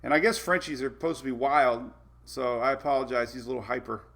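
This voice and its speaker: A man's voice: medium pitch, fairly even intonation, fast talker, creaky, fairly bright tone. A man hosting a casual weather live stream, chatty, laughing often and talking to his dogs between updates.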